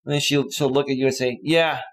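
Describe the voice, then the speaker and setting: A man's voice: medium pitch, completely flat delivery, fast. A male relationship coach giving casual advice in an earnest, lecturing way.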